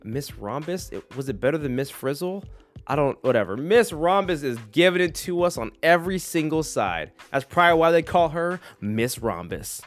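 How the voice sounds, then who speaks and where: Man around thirty, podcast host, rambling and jokey, fairly high voice, very animated, faint music behind. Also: moderate pace.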